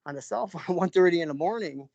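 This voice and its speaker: A man's voice: high voice, fast talker, darkish tone, no echo. Rambling man from New York, lo-fi. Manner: rambling, many fillers and restarts, frequent throat clearing. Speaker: interviewee, father recounting an encounter. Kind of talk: casual spoken storytelling. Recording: dull lo-fi recording.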